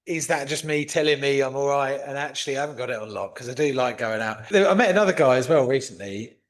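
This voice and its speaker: A man's voice: mid-range voice, fast. A man hosting a podcast, chatting casually and telling anecdotes in which he acts out other people's lines. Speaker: podcast host.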